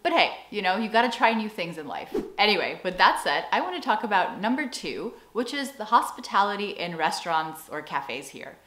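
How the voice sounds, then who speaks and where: A young woman with an American accent chats to camera in a relaxed vlog, lively and expressive, acting out little asides as she goes. Her voice sits in a middle pitch and rings a little in an echoey room. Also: a little fast, few pauses. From United States. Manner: chatty and animated, with playful acted-out asides. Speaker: vlogger. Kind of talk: casual vlog talk to camera.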